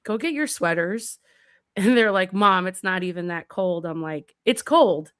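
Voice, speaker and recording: A woman co-hosting a casual livestream podcast with her husband, playful and teasing, quick to laugh. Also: on the low side, expressive, fairly bright tone, smooth, no room sound, clean studio sound. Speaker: co-host, host's wife.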